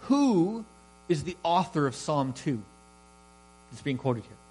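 A man's voice: medium pitch, a little slow, a little mellow, breathy edge, rough recording. A man preaching a sermon, building emphasis and rising in volume on key words. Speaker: pastor.

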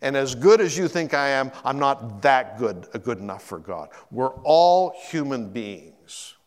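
A man's voice: medium pitch, unhurried, in a large hall. A middle-aged man preaching a sermon as a pastor in a church, acting out quotes and repeating words as he gathers his thoughts. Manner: animated, acts out quotes with sudden voice shifts. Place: church sanctuary.

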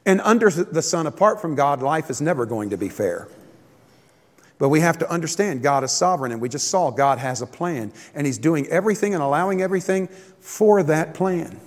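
A man delivers a sermon in a high-pitched voice, moving between plain teaching and acted-out grumbling voices. His manner is folksy and joking. The sound carries a long reverb, as in a large church hall. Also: lively intonation, brisk. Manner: folksy preaching, acts out complaining voices, jokes. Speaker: pastor. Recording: echoey hall.

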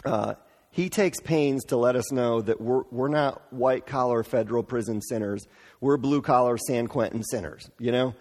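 A man gives a relaxed, conversational sermon at a middle pitch. He talks informally and acts out quotes with playful energy. His voice rings out with a long, echoing reverb. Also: moderate pace. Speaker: pastor.

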